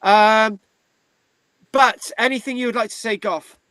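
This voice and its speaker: A man from Britain hosting an online history class, chatty and halting, with many restarts, on a video call. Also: sits high, fairly even intonation, pushed and bright, dry recording. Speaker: history class tutor and host. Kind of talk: casual online class talk.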